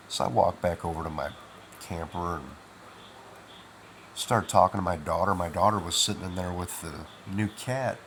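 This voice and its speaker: A sleepy middle-aged man with a low, heavy voice tells a story in a loose, rambling way, dropping "you know" and "man" as he goes. A faint hiss sits under his voice. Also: lively intonation, moderate pace. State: half asleep, drowsy. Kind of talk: casual first-person storytelling.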